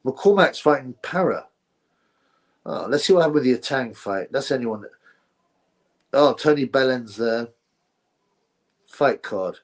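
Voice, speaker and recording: A man's voice: medium pitch, animated, a little slow, pauses often. A man hosting a casual livestream, rambling sarcastically and answering chat messages. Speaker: livestream host.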